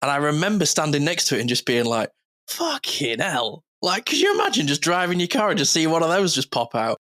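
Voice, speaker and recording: A man's voice: on the high side, fairly bright tone. Casual man podcast host. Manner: chatty, swears freely, laughs often.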